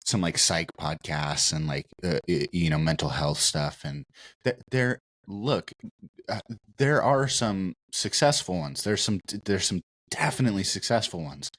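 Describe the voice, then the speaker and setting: A podcast co-host with a very deep, low voice. He talks candidly about himself, rambling and often stumbling over his restarts. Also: expressive, a little slow, a bit bright. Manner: rambling, many restarts, candid and self-reflective. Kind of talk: casual conversation.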